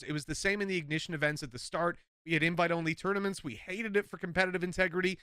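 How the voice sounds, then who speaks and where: Irish caster, bright forceful tone, dry close mic, blunt and sweary. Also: male voice, high-pitched, steady tone, very fast, few pauses, clear, resonant tone, no room sound. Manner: blunt, frequent swearing, emphatic rants. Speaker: esports caster. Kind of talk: casual podcast chat.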